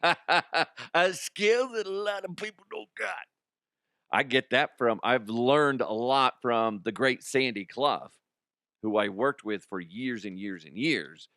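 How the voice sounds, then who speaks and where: Rambling, bright-voiced man hosting a talk show. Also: medium pitch, no echo, studio quality. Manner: rambling and self-mocking, laughs often. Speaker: sports talk show host. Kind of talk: casual solo chat.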